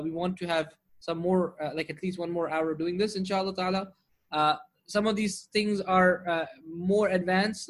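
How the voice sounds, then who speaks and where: A man with a fairly high voice teaches Arabic grammar online. He explains patiently and keeps asking his class rhetorical questions. He recites Quranic verses fluently between his English explanations. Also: fairly bright tone. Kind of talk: online lesson with shared screen.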